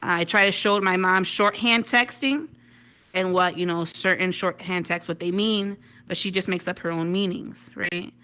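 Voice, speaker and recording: A woman from Detroit works a stand-up set through a VR headset mic, her voice bright and forward. She talks in a loose, chatty way, keeps asking "right?" and laughs along with her own punchlines. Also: fairly low pitch, steady tone, normal speed, clear, resonant tone. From Detroit, United States. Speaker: stand-up comedian. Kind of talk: stand-up comedy routine. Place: virtual reality social venue.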